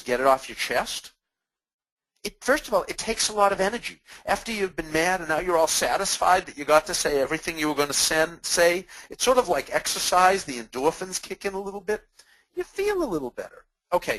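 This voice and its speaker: A man's voice: on the high side, no room sound, rough recording. A middle-aged man from Massachusetts presenting a webinar, acting out sample dialogues and cracking small jokes. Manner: animated, acts out customer dialogues, self-deprecating jokes. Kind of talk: webinar talk with examples.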